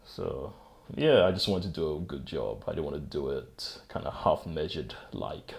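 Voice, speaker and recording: Deep gravelly guy doing a solo podcast at his desk, rambly, laughs at himself. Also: lively intonation, moderate pace. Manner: rambling, self-mocking, chuckles often. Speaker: podcast host. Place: home desk setup. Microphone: desk microphone.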